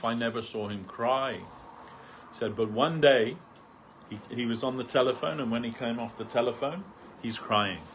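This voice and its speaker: A man's voice: mid-range voice, fairly bright tone, slight background noise. Man retelling a story at a gathering. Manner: retells anecdotes through many quotes, with fillers and restarts. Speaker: speaker at a devotional gathering. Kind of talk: storytelling talk.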